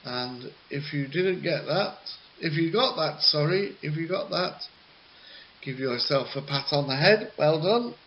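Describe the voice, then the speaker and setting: A man teaching an English lesson, explaining answers with patient, jokey asides and frequent pauses. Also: fairly high pitch, lively intonation. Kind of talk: recorded classroom lesson. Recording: slightly muffled with faint hiss.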